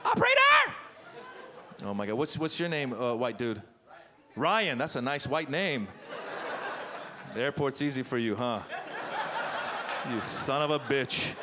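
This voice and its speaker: A middle-aged man born in Iran, doing a stand-up set with crowd work on a comedy club stage, animated and quick to slip into loud put-on voices. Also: mid-range voice, noisy background.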